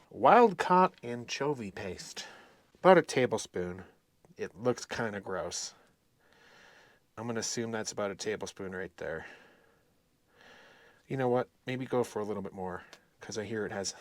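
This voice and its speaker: A man's voice: medium pitch, no echo. A man talking casually to himself and his viewers as he cooks on a solo camping vlog, easygoing and chatty. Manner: easygoing, self-talking while cooking. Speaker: vlogger.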